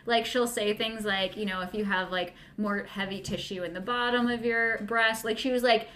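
A woman's voice: mid-range voice, fairly even intonation, normal speed, fairly bright tone, a little hiss or hum. A woman co-hosting a podcast, telling a story in casual chat with many fillers and frequent laughs. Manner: giggly storyteller, lots of "like" fillers. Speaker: podcast co-host.

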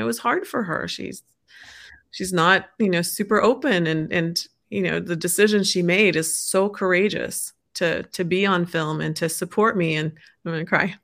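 A woman speaking as an interview guest, halting and heartfelt, with many restarts. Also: lowish voice, creaky, a bit bright. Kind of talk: casual interview chat.

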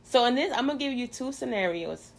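A woman's voice: fairly high pitch, expressive, fairly quick, creaky. A woman hosting a casual faith chat, talking in a chatty, playful way with many fillers. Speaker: podcast host.

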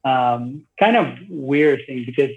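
A man in his forties from Venezuela, a podcast guest speaking slowly and hesitantly with many fillers. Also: medium pitch, lively intonation. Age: 40s. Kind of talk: casual interview conversation. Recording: dull lo-fi recording.

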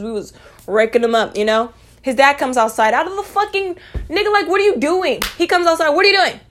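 Young woman ranting storytime, cusses a lot, kinda high voice, super casual. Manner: profane, rambling, conversational, dismissive asides. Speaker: vlogger. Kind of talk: storytime vlog.

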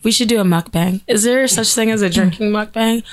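A woman co-hosting a podcast in a studio, chatting playfully with a husky voice and frequent laughs. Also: medium pitch, fairly quick. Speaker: podcast co-host. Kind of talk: casual chat.

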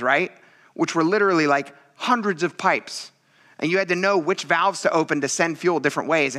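A man preaching a sermon as a pastor in a lively, conversational way, often acting out the voices of the people he quotes. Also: a little high.

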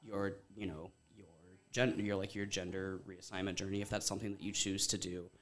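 Low-voiced man telling his story candidly. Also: little pitch movement, fairly quick, a bit bright. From Ohio, USA. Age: around 30. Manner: candid, rambling storyteller, heavy use of "like", swears casually. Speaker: podcast guest. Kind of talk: casual podcast conversation.

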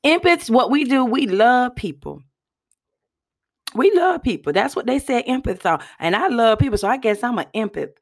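A woman hosting a casual motivational talk in a folksy, chatty way, often clearing her throat and coughing. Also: a little high, very animated, moderate pace. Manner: chatty, folksy, addresses listeners as y'all. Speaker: host.

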